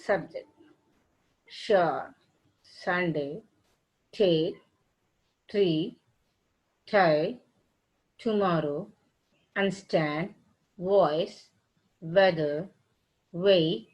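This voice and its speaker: A woman's voice: fairly low pitch, drawn-out words, long pauses, a little mellow, muffled recording. A woman teaching phonetics in a classroom lecture, spelling out letters and words one at a time and restarting her sentences. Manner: repeats herself and restarts sentences.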